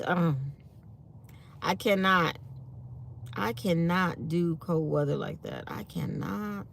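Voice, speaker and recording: A woman's voice: on the low side, slow, vocal fry. A tired woman hosting a casual morning chat with her viewers, reading comments aloud as she talks. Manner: chatty, reads live comments aloud. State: tired and yawning. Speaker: channel host.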